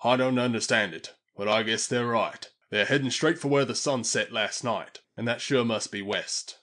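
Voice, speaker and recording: A man's voice: medium pitch, normal speed, fairly bright tone, lightly acted. A man reading a plain, puzzled traveler. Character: bewildered, plain-spoken hungry traveler. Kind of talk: audiobook character voice.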